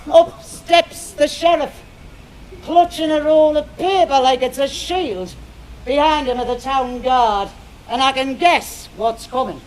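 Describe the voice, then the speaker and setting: A woman's voice: high-pitched, low-quality recording. A woman playing a rousing protest leader. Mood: fiery storytelling. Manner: rousing, rallying storyteller. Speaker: stage performer. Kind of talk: outdoor musical theatre, singing and narrating. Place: outdoors, live performance. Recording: loud live music behind.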